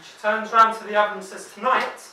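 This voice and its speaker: A woman telling a spooky story to a live audience, dropping to hushed tones and bursting out loud. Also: medium pitch, flat delivery, brisk. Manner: dramatic hushed drops and loud outbursts. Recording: echoey room from far off, light noise.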